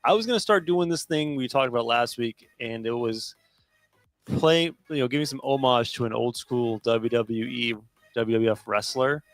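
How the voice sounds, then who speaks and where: A man's voice: medium pitch, normal speed, no room sound, soft background music. Male podcast co-host, loose and chatty, dry close-mic sound. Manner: chatty, loose, laughs often. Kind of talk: casual sports chat.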